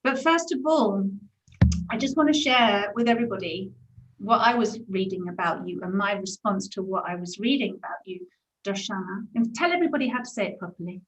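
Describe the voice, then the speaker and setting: A woman's voice: mid-range voice, a little fast. Gushing English woman host in an echoey room. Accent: English, Brighton. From England. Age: 40s. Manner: gushing, affectionate, spiritual. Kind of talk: casual interview chat.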